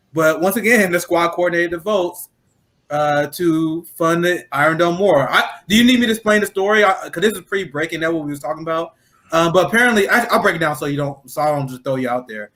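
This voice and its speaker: Midwestern male host, high voice, blunt and profane, rambling casual talk. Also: fast, a bit bright. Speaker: roundtable host. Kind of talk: casual political chat.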